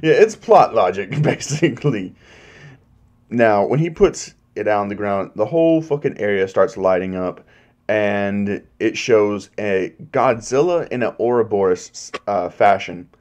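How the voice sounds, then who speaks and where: A man's voice: lowish voice, measured pace. A man casually retelling a movie's plot in a spoiler review, swearing freely and acting out scenes. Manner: profane, animated plot retelling.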